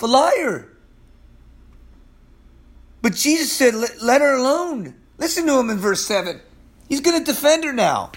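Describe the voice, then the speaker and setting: Male preacher, high and animated voice, impassioned, drops to a hush for emphasis. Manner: impassioned and emphatic, swinging from loud to hushed; repeats phrases for emphasis. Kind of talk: sermon.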